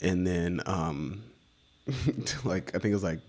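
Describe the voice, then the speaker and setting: A young man, a photographer, telling a story about his career in a relaxed, casual conversation. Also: deep voice, takes it slowly. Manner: relaxed storytelling, acts out quotes. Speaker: guest photographer.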